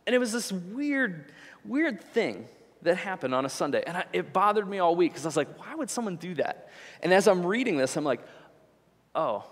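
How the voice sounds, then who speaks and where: A man in his thirties preaching, telling a story animatedly and then dropping low to reflect. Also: very animated, fairly quick, a bit bright. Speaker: pastor. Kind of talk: sermon with storytelling. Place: church hall. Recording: church hall with long reverb.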